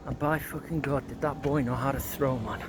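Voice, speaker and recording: A man's voice: mid-range voice, fairly even intonation, a little fast, background noise. Rambling middle-aged man outdoors. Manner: rambling, loose, full of "kind of, sort of, like", swears freely. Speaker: vlogger. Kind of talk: casual walking reminiscence. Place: outdoors walking around a residential neighbourhood.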